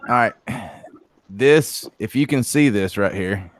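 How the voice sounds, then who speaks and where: A man's voice: fairly low pitch, takes it slowly, no room sound. A man chatting jovially on a livestream, laughing often and saying y'all. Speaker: livestream guest. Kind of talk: casual livestream chat.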